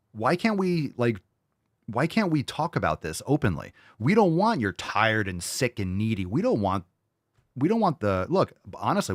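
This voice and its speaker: A man's voice: medium pitch, no room sound, studio quality. A man hosting a show, ranting and mocking in combative, sarcastic commentary over video clips. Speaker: show host.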